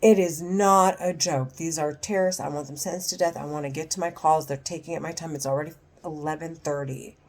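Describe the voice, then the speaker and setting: A woman's voice: sits low, steady tone, brisk, few pauses. A woman at home speaking to her camera in an agitated monologue, angry and profane, often stopping and restarting her sentences. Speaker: vlogger.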